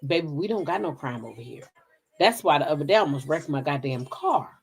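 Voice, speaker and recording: Lively, frank middle-aged woman chatting. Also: low voice, a little fast, vocal fry, breathy edge. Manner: chatty, frank, swears freely, talks straight to viewers. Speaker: gossip channel host. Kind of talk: casual live-stream chat, reading viewer comments.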